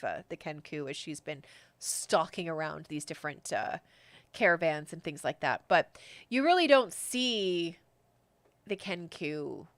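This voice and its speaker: A woman's voice: lowish voice, dry recording. Chatty woman running a tabletop game. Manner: casual and chatty, with many fillers. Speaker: game master.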